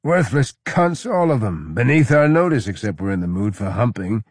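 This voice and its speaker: A leering, drunken Roman general who slurs and roars his crude boasts, as a man puts him on. The voice is husky and low, with wide swings in pitch, recorded dry and close. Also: sing-song, a little slow, dry recording, full character voice. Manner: slurring, bellowing, crude.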